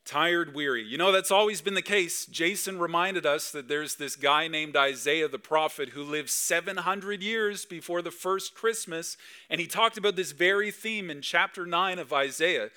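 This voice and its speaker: A man's voice: on the high side, moderate pace, sharp tone, clean tone. A man preaching a Christmas Eve sermon in a church service, chatty and full of rhetorical questions to the crowd. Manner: conversational, asks the crowd lots of rhetorical questions. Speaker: pastor.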